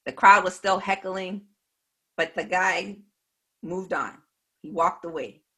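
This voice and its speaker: A woman earnestly recounting a personal faith testimony in a measured way. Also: fairly low pitch, sharp tone, slightly rough. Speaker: speaker giving a faith testimony.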